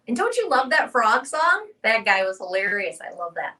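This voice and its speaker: Bright woman speaking from off the mic. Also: a little high, very animated, normal speed, recorded from a distance, faint music behind. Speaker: storytime host. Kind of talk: casual wrap-up for children.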